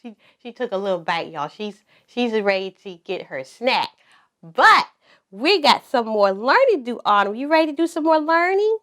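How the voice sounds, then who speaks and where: A preschool teacher leads toddlers at circle time in a slow, sing-song, encouraging voice, repeating words so the children can echo them. Her voice is a little high with big pitch swings.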